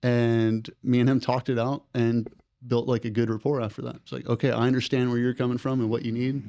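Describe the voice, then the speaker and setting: A young man, a former program participant, telling his story in a casual, rambling way on a podcast and getting animated when he quotes others. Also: mid-range voice, fairly quick, dry recording. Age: young adult.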